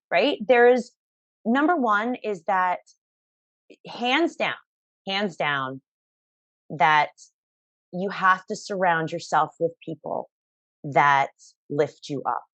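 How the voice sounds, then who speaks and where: Energetic woman guest, low warm voice. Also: dry recording, highs cut off. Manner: energetic, emphatic, upbeat. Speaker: guest, fitness instructor. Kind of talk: conversational interview.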